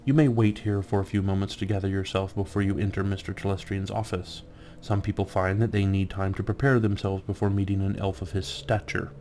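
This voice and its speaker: Guy reading as a prim fussy elf butler, formal, kinda hushed. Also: low voice, little pitch movement, fairly quick, soft background music, natural voice. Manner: stiff, formal.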